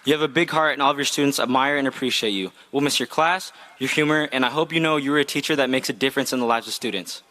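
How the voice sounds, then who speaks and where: A man's voice: medium pitch, quick pace, few pauses, pushed and bright, a faint crowd, slight background noise. Earnest young man giving a graduation speech. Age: young adult. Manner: earnest, heartfelt, read from a script. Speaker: graduating student speaker. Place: outdoor graduation ceremony.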